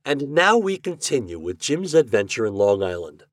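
A man hosting a podcast, reading classic fiction aloud in a measured, expressive way. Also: medium pitch, no echo, clean studio sound. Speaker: podcast host and reader.

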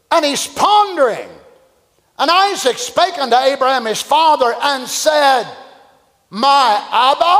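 High-voiced preacher in a reverberant hall. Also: male voice. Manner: dramatic preaching, dropping to hushed tones for quoted words. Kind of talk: sermon.

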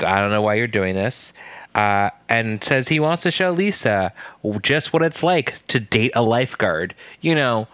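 A man co-hosting a casual podcast, recapping a TV episode with animated, incredulous asides. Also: on the low side, clear, resonant tone, no room sound. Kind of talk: casual chat.

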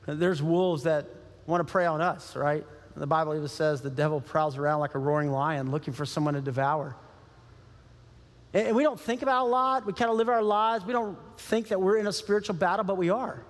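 A pastor with a high, bright-sounding man's voice delivers a lively sermon, slipping into little acted-out voices and chuckling as he goes. His words ring out with a long reverb through a large sanctuary. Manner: animated, acts out quoted voices, chuckles often.

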